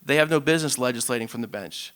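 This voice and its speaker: Firm man with a smooth voice. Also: medium pitch, fairly bright tone. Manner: firm, deliberate. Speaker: congressional candidate. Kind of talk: debate answers.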